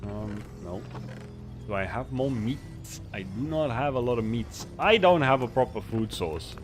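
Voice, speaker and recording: A man's voice: mid-range voice, animated, measured pace, over music. A man streaming a game, chatting casually, rambling and mocking himself while reading chat aloud into a desk microphone.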